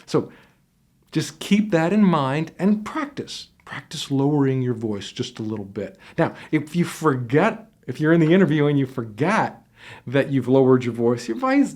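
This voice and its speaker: A man's voice: a little high, a little mellow. A man giving casual, conversational advice on job interviews and sometimes demonstrating how voices change as he explains. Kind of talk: instructional talk to camera. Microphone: headset microphone.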